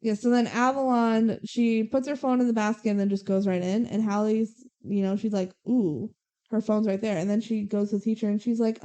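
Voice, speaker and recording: A woman's voice: medium pitch, steady tone, fairly quick, dark tone, smooth. A young woman co-hosting a podcast, casually recapping a movie scene by scene and quoting the characters, with lots of "like" and "um.". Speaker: podcast co-host.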